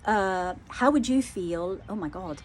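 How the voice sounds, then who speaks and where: A woman psychic medium doing a channelling reading, talking hesitantly, repeating phrases, softly moved. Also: medium pitch, expressive, measured pace, a little hiss or hum.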